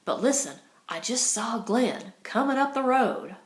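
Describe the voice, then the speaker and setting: A woman's voice: fairly high pitch, animated, a little slow. A woman reading Flo, a drawling ranch girl. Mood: eager. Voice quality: cool, sweet drawl. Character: young Western ranch girl, sweet and bold. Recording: roomy echo.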